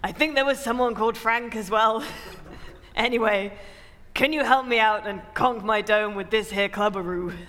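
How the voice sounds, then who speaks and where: A man's voice: high voice, normal speed, bright, forceful tone. A man playing a grandiose, rambling older tycoon who is the hero's father. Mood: pompous. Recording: reverberant room.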